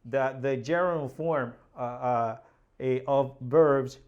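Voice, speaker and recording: Man, language teacher, online lesson, repeats phrases, checks understanding, medium pitch. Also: takes it slowly, muffled recording. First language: Spanish. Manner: explains step by step, repeats words and phrases, frequent "right?".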